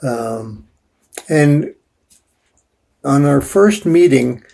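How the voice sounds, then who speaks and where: An older man telling his personal story as an interview guest, halting with many restarts and fillers. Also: mid-range voice, animated, vocal fry, mellow.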